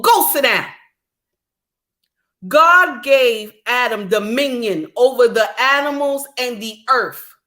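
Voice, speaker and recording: Indignant woman ranting slowly. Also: sits high, bright, forceful tone. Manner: indignant, repetitive, preachy. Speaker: commentator. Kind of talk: ranting monologue.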